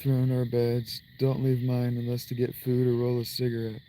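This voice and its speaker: A man's voice: medium pitch, monotone, moderate pace, dark tone, slight background noise, poor audio. A man chatting casually to his livestream viewers from inside a tent outdoors, rambling and making crude jokes. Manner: crude, joking, rambling asides to chat. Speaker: live streamer.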